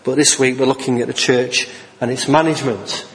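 A man's voice: medium pitch, steady tone, brisk, long reverb tail, rough recording. A man preaching a sermon as a Baptist minister, talking in a hesitant way with many fillers and restarts. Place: church.

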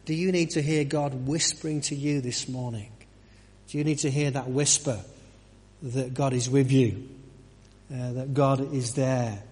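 A man's voice: medium pitch, fairly even intonation, measured pace, a little mellow, big-room sound. A man giving a conversational sermon, full of restarts and rhetorical questions. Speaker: preacher. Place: church.

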